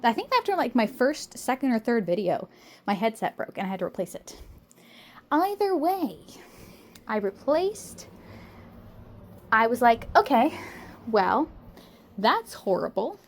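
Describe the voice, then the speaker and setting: A woman talks at home into her phone, rambling and chatty as she keeps tagging "okay?" onto her points. She sounds slightly out of breath, and her voice sits a little high. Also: big pitch swings, unhurried, long pauses. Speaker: VTuber and artist. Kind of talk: casual vlog chat.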